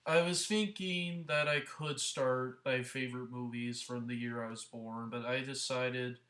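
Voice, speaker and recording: A man's voice: medium pitch, a bit bright. A man hosting a casual movie review vlog, talking earnestly in a rambling way with many restarts, into a headset mic.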